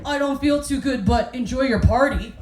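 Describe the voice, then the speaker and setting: A woman's voice: high-pitched, moderate pace, natural voice. Woman doing a smug drawling cockroach. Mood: mock-feeble. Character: smug lazy cockroach, unbothered and sly. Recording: echoey club with audience noise.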